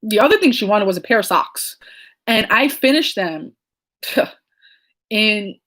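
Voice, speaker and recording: A woman in her late thirties telling a story in a casual vlog chat. She talks in a rambling, digressive way with lots of fillers, and her tone is soft and reflective. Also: medium pitch, lively intonation, slow pace. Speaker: crochet and knitting vlogger.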